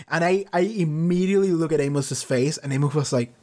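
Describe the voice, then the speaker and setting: A man's voice: fairly high pitch, fairly quick, mellow. A man giving casual, enthusiastic commentary as a reaction streamer, rambling and laughing often.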